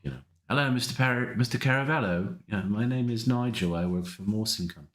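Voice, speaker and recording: A man's voice: on the low side, brisk, pitched above the performer's own voice, lightly acted. A man putting on a bad English accent to voice a fake, overly formal company caller. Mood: polite. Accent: put-on bad English accent. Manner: overly formal, courteous phone manner. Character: fake polite male company caller named Nigel.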